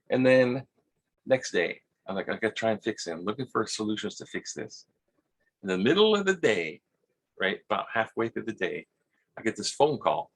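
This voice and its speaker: A vlogger with a Hawaiian accent tells a rambling personal story, halting and repeating words while acting out quotes in a husky voice. His voice is on the low side and expressive.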